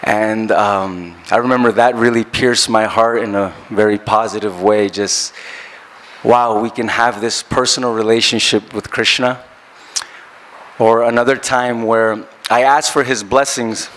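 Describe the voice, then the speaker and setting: A man who leads kirtan, telling a personal reminiscence in an earnest, reflective, halting way. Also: fairly low pitch, steady tone, fairly bright tone. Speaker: traveling kirtan singer.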